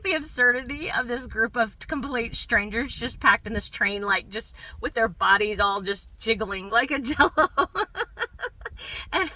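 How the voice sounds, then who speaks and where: A woman's voice: fairly high pitch, moderate pace, sharp tone. A middle-aged woman telling a personal story in a chatty way, with lots of fillers and giggles. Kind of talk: personal anecdote.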